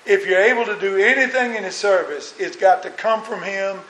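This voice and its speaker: Guy preaching a sermon, kinda high voice, asks the crowd lots of questions, echoey room. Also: fairly quick, pushed and bright, a little hiss or hum. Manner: earnest preaching with rhetorical questions. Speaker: minister. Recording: roomy echo.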